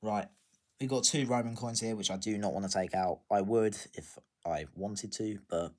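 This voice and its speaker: A man casually showing his coin collection, chatty and self-deprecating, pausing to check dates. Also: fairly low pitch. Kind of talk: casual show-and-tell narration.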